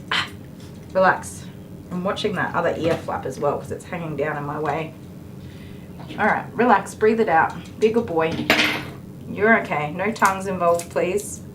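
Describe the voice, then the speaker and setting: An Australian woman with a lowish voice grooms a dog on a live stream, joking with viewers and soothing the animal with baby talk. Background noise can be heard.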